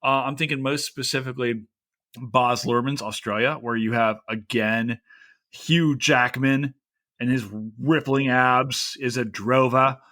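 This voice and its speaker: A man's voice: medium pitch, steady tone, measured pace, bright, forceful tone. A man hosting a podcast, chatty and conversational, with wry asides. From United States. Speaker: podcast host.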